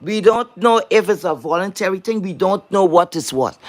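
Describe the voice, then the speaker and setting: An online commentator streams a heated rant straight at the audience, blunt and full of swearing, in a mid-range voice with lively intonation at normal speed. He keeps circling back to the same words for emphasis and fires pointed rhetorical questions at viewers. The recording is dry and close, with no room sound.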